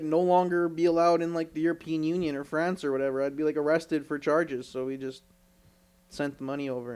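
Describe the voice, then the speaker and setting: A young man from Canada with a fairly high-pitched voice tells stories on a casual podcast. He swears freely and acts out what people said, with plenty of energy. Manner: animated, swears a lot, acts out quotes. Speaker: podcast co-host. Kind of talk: casual storytelling chat.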